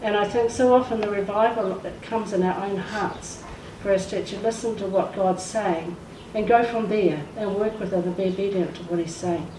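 A woman's voice: mid-range voice, normal speed, few pauses. A woman giving an emotional testimony in a church service, acting out the voices of the people she quotes. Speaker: church speaker sharing a testimony. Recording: echoey room, far from the mic, faint noise.

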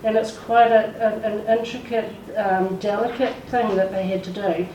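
A woman's mid-range, mellow voice carries a church-service testimony, told emotionally with acted-out quotes. Her intonation is fairly even and her speed normal. The muffled recording was made far from the mic in an echoey room with faint noise.

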